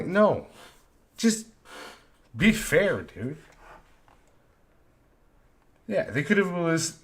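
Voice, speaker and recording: A man's voice: sits high, expressive, normal speed, fairly bright tone. A man ranting on a live stream, frustrated and profane, often repeating himself. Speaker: live stream host, vector artist.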